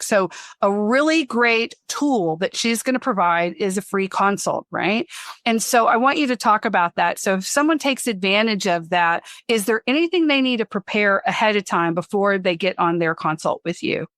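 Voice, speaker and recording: A woman's voice: mid-range voice, moderate pace, fairly bright tone, no room sound. Chatty woman podcast host, dry sound. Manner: chatty, rambling storyteller who laughs mid-sentence. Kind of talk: casual interview chat.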